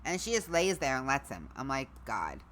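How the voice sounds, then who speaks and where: Middle-aged woman streamer, low-pitched yet bright, lively delivery, slightly hoarse, casual chat. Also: normal speed, slight background noise. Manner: chatty, talks to her gear and dogs. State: losing her voice. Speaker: livestream host.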